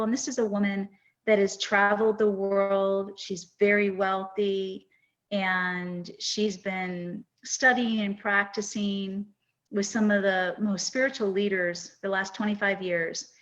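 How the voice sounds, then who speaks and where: A woman in her fifties hosts a podcast, sharing a personal story in an earnest, reflective, emotional way. Her medium-pitched voice is steady and unhurried, captured in dull lo-fi sound.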